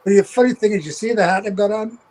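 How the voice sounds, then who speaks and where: Over a crowd in the background, an older Geordie man with a high voice talks fast, recalling road stories as a guest. He's a veteran tour manager: salty, rambling, and freely swearing in casual anecdotes. The recording is low quality.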